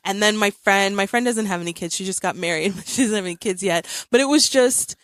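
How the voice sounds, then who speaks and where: A woman in her thirties hosts a podcast, chatting casually and telling a story with lots of laughter. Her voice sits at an ordinary middle pitch. The sound is dry and close. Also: fast talker, no room sound. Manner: animated storyteller, laughs often. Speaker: podcast host. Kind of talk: casual chat.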